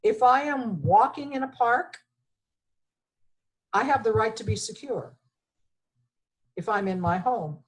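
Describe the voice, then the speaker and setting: A woman's voice: medium pitch, rough recording. A woman from Texas, reading constitutional text aloud and commenting on it in a plainspoken, emphatic way with frequent fillers. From Texas, USA. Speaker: presenter on the Bill of Rights.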